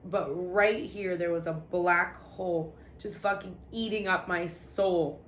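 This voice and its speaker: A vlogger shares her personal testimony in a casual, confessional way, her voice on the low side, steady, and slow. She's candid and profane, frequently stopping to restart sentences. The room is echoey with faint background noise.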